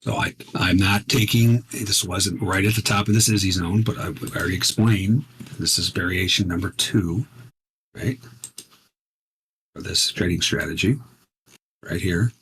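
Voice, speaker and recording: Husky low-voiced man explaining live trades. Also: measured pace, long pauses, a bit bright. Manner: conversational, emphatic, repeats "right?". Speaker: futures trader teaching live. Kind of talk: live trading commentary.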